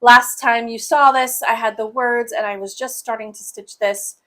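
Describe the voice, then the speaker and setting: A woman's voice: a little high, fairly even intonation, normal speed, sharp tone. A young woman hosting a casual cross-stitch show, chatting in a joking, sarcastic way and laughing often. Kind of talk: casual chat.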